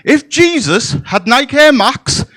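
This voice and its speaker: A man doing a bawdy stand-up comedy set in a club, with playful deadpan asides to the crowd. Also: extremely high pitch, slow pace.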